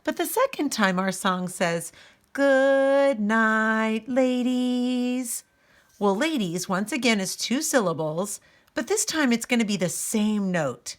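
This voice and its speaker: A woman's voice: mid-range voice, sing-song, moderate pace. A woman music teacher giving a recorded lesson, patiently explaining step by step and speaking straight to her students.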